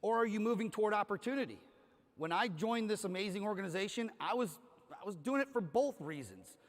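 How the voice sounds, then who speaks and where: On a large conference hall stage, a speaker from Cleveland, Ohio, gives an energetic motivational keynote, telling a story and acting out the dialogue. His voice is high with lively intonation and a slightly fast pace. The stage PA adds hall reverb.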